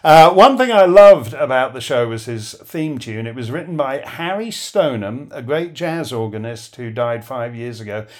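A man's voice: medium pitch, animated, moderate pace, few pauses, a little mellow. Sardonic man, voice starting to go. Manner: rambling, sardonic, with many fillers. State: losing his voice. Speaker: host. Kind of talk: live listener Q&A.

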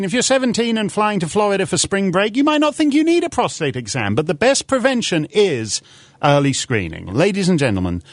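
Sardonic man with a lively, climbing voice. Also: a little high, no echo. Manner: sardonic, mocking, insistent. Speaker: commentator and speaker. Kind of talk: combative debate and stand-up style speech.

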